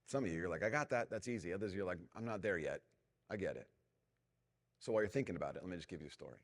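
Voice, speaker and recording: A middle-aged man preaching a sermon as pastor, telling a self-mocking story and dropping to a hushed, prayerful tone. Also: low voice, lively intonation, very fast. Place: large church hall. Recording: long reverb of a church hall.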